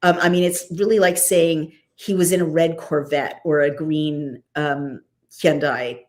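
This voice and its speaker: Lively woman talking through a scripture story. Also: sits low, measured pace. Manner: lively, conversational, frequent asides. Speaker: host. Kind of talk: casual scripture commentary.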